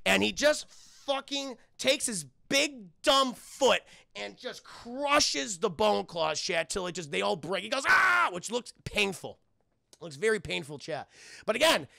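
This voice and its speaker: A man streaming a casual film recap who mocks the movie with profane, animated sarcasm and keeps talking to his chat. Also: high voice, a little slow, creaky, dry recording, clean studio sound. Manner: sarcastic, mocking the film and slipping into voices.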